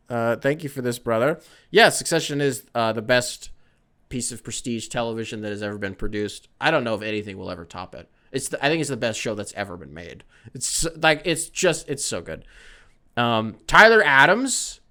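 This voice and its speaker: Male sports podcast host with a bright, tense delivery; loose, joking, swears. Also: medium pitch, expressive, normal speed. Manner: rambling, joking, swears freely. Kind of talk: casual sports chat.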